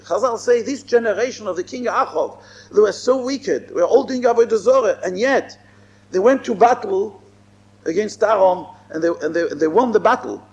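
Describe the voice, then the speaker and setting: A man giving a Torah lecture as a rabbi, emphatic and repeating his phrases. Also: high voice. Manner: emphatic, repeats phrases, mixes in Hebrew and Yiddish terms.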